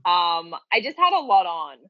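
A woman's voice: on the low side, normal speed, no echo, highs cut off. A woman life coach chatting casually on a podcast, telling stories animatedly and laughing often. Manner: animated storyteller who acts out quotes and laughs often. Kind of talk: casual chat.

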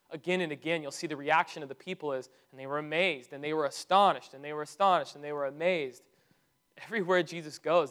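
A male pastor preaching a sermon in a conversational, animated way, with sudden loud outbursts. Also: high-pitched, clear, resonant tone.

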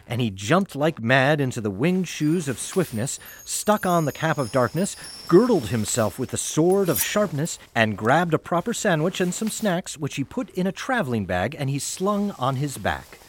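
A man's voice: mid-range voice, normal speed, hardly any pauses. Playful male storybook narrator. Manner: playful, with asides to listeners. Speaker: audiobook narrator. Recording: home recording with steady background hiss.

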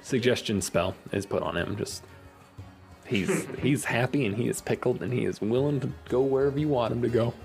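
A man narrating a tabletop game as game master, thinking aloud in an unhurried way. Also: mid-range voice, creaky, a little mellow. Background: faint music.

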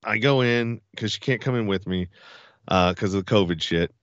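A man telling a funny story as a podcast guest, animated and laughing as he talks. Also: lowish voice, moderate pace, dry recording, muffled recording. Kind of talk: casual storytelling.

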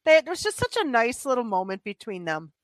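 A woman's voice: a little high, very animated, brisk, no echo. A woman co-hosting a movie review podcast, chatting enthusiastically and laughing often. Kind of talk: casual chat.

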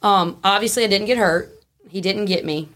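A woman, a podcast guest telling a story in a frank, animated way and laughing easily. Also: medium pitch, normal speed. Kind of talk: casual storytelling.

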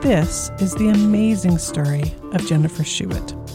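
A woman's voice: fairly low pitch, measured pace, over loud music. A woman hosting a podcast, telling a true crime story in a casual, conversational way with filler words. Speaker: podcast host.

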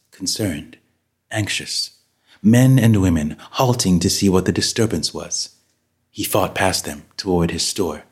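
A man narrates a story in a measured, dramatic way. His voice sits very low and has a husky grain. He takes his time over each phrase. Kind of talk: scripted audiobook narration.

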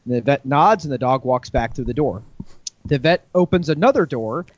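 A man's voice: animated, normal speed, no echo, highs cut off. A man co-hosting a podcast, telling a long shaggy-dog joke in a casual storytelling way. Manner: storyteller, jumps to high voices for characters.

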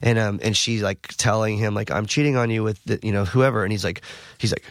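A man, a podcast guest and musician, telling a story in a rambling, animated way, full of "like" and "you know.". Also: fairly low pitch, fairly quick, dry recording, clean studio sound. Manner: rambling, animated, heavy use of "like". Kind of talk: casual storytelling.

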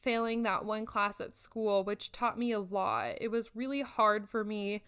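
Chatty young woman podcaster, smooth voice. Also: medium pitch, lively intonation, measured pace, a bit bright. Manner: candid, chatty, frequent "like" fillers, occasional swearing. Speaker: podcast host. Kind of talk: casual solo podcast monologue.

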